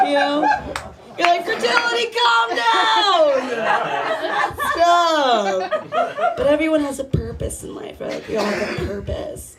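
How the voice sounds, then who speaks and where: Profane woman doing stand-up at an open mic. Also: on the high side. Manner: profane, rambling, conversational with the crowd. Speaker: stand-up comedian. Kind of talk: stand-up comedy set. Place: small bar open mic. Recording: live crowd noise. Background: audience laughter.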